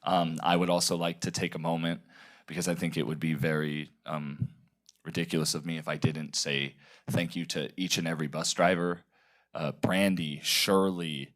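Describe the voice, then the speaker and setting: A man's voice: rumbling low, level tone, moderate pace, a bit bright. A man giving heartfelt, emotional remarks at a public board meeting, with many fillers. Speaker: board member.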